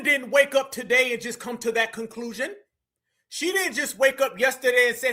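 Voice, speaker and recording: A man's voice: extremely high pitch, normal speed, bright, forceful tone. A man hosting a live stream, giving heated, emphatic commentary and repeating phrases for effect. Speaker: livestream commentator.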